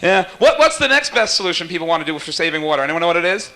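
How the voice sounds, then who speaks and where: A man warming up a live talk show audience, teasing guests and cracking quick jokes. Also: on the high side, sing-song. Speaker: talk show warm-up host. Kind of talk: jokey stage banter with audience.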